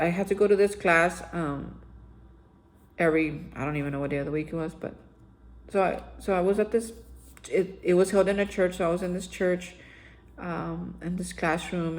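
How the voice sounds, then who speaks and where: A woman's voice: on the low side, poor audio. A woman hosting daily recovery reflections, telling her own story in a candid, conversational way and speaking straight to her listeners.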